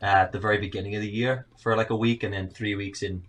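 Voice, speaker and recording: A man's voice: on the low side, fairly even intonation, fast talker, a bit bright. A man in his thirties from South Africa, with a South African accent blended with Northern Irish, chatting casually and telling rambling, self-deprecating stories on a remote call. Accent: South African mixed with Northern Irish. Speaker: podcast guest. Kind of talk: casual chat.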